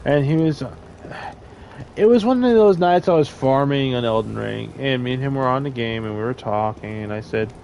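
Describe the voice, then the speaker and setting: Young man, gravelly voice, rambling crude storyteller, faint background hiss. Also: medium pitch, expressive, moderate pace, low-quality recording. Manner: rambling, crude, loud laughing bursts. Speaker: storyteller in a casual talk. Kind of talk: casual storytelling chat.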